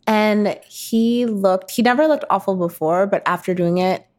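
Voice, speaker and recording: A woman in her thirties chatting casually about skincare, relaxed and full of fillers. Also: mid-range voice, measured pace. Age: 30s. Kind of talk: casual chat.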